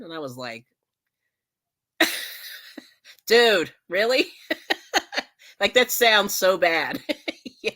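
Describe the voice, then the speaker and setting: On her casual live stream, a woman crafts while chatting, laughing often and thanking viewers. Her voice sits low and sounds a bit bright.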